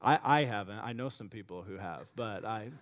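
A man preaching a sermon, repeating key phrases and swinging from loud emphasis to quiet asides. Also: fairly low pitch, moderate pace. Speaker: pastor. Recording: long hall reverb.

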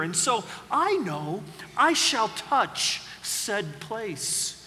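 A man preaching a sermon, dramatic, acting out quoted voices and swinging from loud to hushed. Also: high-pitched, very animated, extremely slow, in a large hall, slight background noise. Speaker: pastor.

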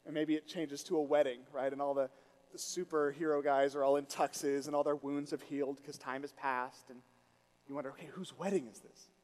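A man preaching a sermon to his congregation, telling a story with lively, rising emphasis. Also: fairly high pitch, fairly quick. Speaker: pastor. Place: church sanctuary. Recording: reverberant hall.

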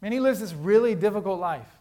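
A man preaching a sermon as pastor, earnest and conversational, swinging between loud emphasis and hushed, quiet lows. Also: expressive, a little fast.

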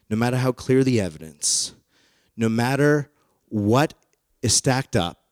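Brief: male pastor, playful jokey sermon delivery, mid-pitched voice, dry close sound. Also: no room sound. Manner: playful, jokey storytelling with acted-out quotes.

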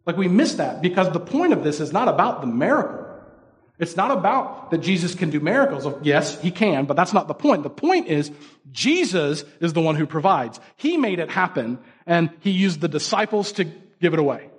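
A man's voice: fairly high pitch, sing-song, normal speed, breathy edge. A man giving a casual, conversational sermon, acting out quoted voices with many fillers. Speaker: pastor.

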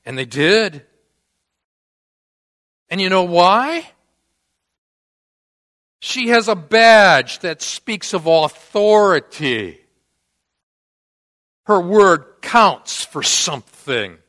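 A man's voice: high voice, big pitch swings, drawn-out words, long pauses, fairly bright tone. A man preaching a sermon, telling a story with dramatic acted quotes. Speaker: pastor. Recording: long church-hall reverb.

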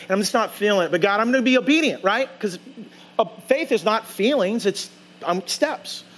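High-voiced pastor telling a personal story. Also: male voice, expressive, moderate pace, a bit bright. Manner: conversational, acts out his own dialogue. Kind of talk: storytelling sermon. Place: church sanctuary.

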